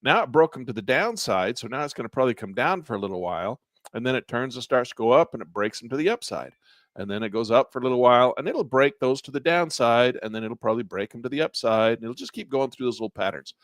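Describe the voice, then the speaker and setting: A man's voice: medium pitch, expressive, quick pace, fairly bright tone, no room sound. Man teaching with a fading voice. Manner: conversational, explains step by step, frequently clears throat. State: losing his voice. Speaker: trading instructor. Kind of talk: live online class walking through charting software.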